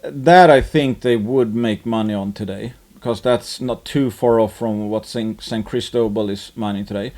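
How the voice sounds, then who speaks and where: An investing-channel host runs through stocks in rambling, informal commentary packed with fillers and restarts. His lowish, darkish voice keeps a normal speed with few pauses.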